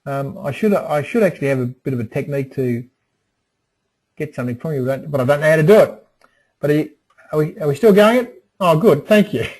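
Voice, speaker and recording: Man, middle-aged, webinar presenter, folksy, repeats himself, slightly high voice. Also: fast, darkish tone, rough recording. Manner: folksy, repeats phrases, many restarts and ums. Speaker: webinar presenter on emotional resilience.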